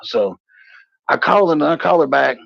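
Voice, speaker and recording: Gravelly, husky man telling a story. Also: measured pace, no echo, dull audio. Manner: profane, animated storyteller, puts on high voices for quoted people. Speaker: podcast co-host. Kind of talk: casual storytelling.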